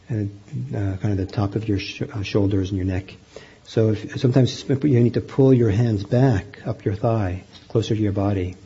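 A man teaching meditation, guiding a group in a gentle, unhurried way with frequent pauses and fillers. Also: medium pitch, slightly rough, muffled recording. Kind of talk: guided meditation instruction.

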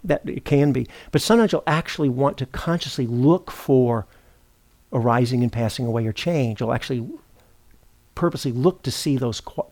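A middle-aged man giving a meditation teaching at a retreat center, speaking in an unhurried, thoughtful way, often pausing to correct himself. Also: mid-range voice, creaky, a little mellow. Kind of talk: dharma talk.

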